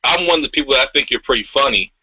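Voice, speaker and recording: A man in casual podcast chat, speaking in a calm, reassuring way. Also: medium pitch, very fast, husky, no echo, highs cut off.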